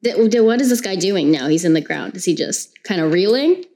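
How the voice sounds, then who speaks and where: A woman's voice: fairly low pitch, lively intonation, a little fast, a little mellow. A woman playing a tabletop game, talking casually with fillers and laughter. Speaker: player. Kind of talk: tabletop role-play chat.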